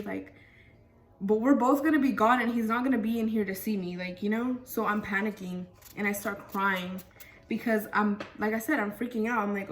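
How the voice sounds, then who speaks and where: A woman's voice: medium pitch, steady tone, normal speed. Young woman rambling thru a storytime, lots of like and freaking, mic kinda far. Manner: chatty, lots of fillers and "freaking". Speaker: vlogger. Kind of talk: casual storytime.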